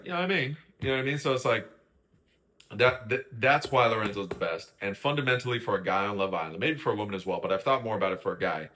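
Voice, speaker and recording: Bright-voiced chatty man hosting a recap. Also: fairly low pitch. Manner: chatty, keeps asking "right?" and "you know what I mean?", acts out quoted lines. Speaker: host. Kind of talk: casual opinionated reality-show recap.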